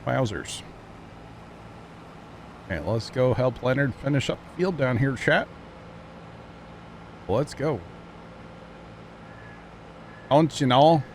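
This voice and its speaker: A male livestreamer chats casually with his viewers and co-players in a mid-pitched voice, dropping quick exclamations and thank-yous. A faint hum sits behind him. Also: animated. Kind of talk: casual gaming livestream chat.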